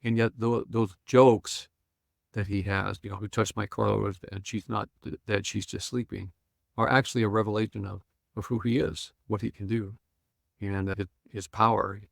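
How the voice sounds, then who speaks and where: An older man, a pastor and Bible scholar, retelling a story with lively acted-out lines and chuckles in a podcast conversation. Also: lowish voice, moderate pace, vocal fry, no echo, clean studio sound. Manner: retells scenes acting out quoted lines, chuckling.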